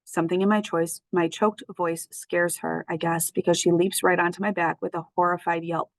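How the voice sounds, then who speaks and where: A woman narrating a storybook in a lively, expressive way. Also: lowish voice, normal speed, no echo, low-quality recording. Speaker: audiobook reader.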